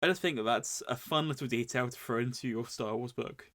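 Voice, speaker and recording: A man co-hosting a podcast, recapping a book in a wry, deadpan way. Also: medium pitch, brisk. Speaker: podcast co-host.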